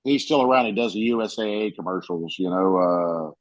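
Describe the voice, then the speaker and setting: A man in casual chat as a podcast co-host, telling animated stories and acting out quotes with frequent swearing. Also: low voice, a little fast, no room sound, low-quality recording. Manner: animated storyteller, swears freely, acts out quotes.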